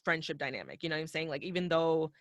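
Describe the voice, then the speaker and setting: A woman's voice: low voice, quick pace, dry recording. A woman hosting a casual podcast, rambling in slangy chat full of fillers. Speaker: podcast host.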